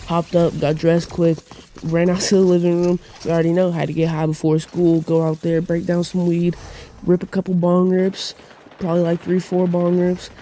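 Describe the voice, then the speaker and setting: A young man with a fairly high but dark, mellow voice, telling a story in loose, profane slang. He rambles with lots of fillers, close to the mic, with faint hiss behind him. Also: monotone, moderate pace. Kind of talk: casual storytelling monologue.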